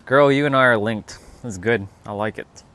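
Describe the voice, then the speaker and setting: A man's voice: medium pitch, normal speed, a bit bright. Laid-back joking male livestreamer. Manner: laid-back, joking, swears casually, reads chat aloud. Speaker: livestream host. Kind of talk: casual livestream chat with viewers.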